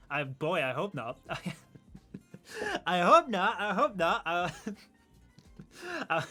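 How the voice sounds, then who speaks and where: A man's voice: a little high, a bit bright. A young man streaming and chatting casually, rambling and laughing often at himself. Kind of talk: casual chat.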